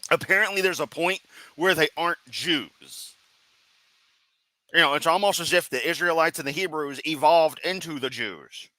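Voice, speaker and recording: A man's voice: on the high side, moderate pace, sharp tone, no room sound, low-quality recording. A man giving sarcastic, profane reaction commentary as a streamer, mocking what he hears. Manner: sarcastic, mocking, swears constantly.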